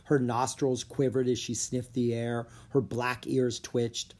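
A narrator reading a children's storybook aloud with clear, lively storytelling. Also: mid-range voice, measured pace. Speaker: audiobook narrator.

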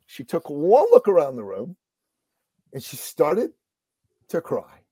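A middle-aged man, a business coach, telling a motivational story in a lively conversational way. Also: on the high side, slow pace, husky, no echo.

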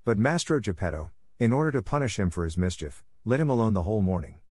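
A man reads a classic children's story aloud in a steady, measured way. His voice sits low for a man. The recording is dry and close, with no room sound around him. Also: breathy edge, no room sound. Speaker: audiobook narrator. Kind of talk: storybook narration.

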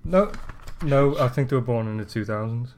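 A man's voice: medium pitch, moderate pace, heavy background noise. A man co-hosting a casual podcast, talking hesitantly with many ums and restarts and poking fun at himself. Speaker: podcast co-host. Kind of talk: casual chat.

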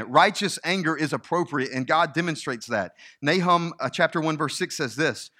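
A man's voice: on the high side, lively intonation, moderate pace, hardly any pauses, a bit bright. A male pastor preaching a sermon in a conversational, emphatic way.

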